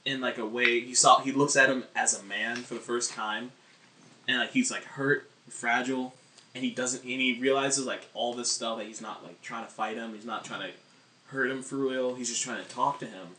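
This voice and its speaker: A man's voice: medium pitch, fairly even intonation, normal speed, sharp tone, slight background noise. A man chatting casually on a podcast, telling long stories and acting out other people's lines. His voice carries a lot of room echo. He sits a little way back from the microphone. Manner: rambling storyteller, acts out voices, laughs often. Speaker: podcast co-host. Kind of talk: casual chat. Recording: roomy sound, mic at a distance.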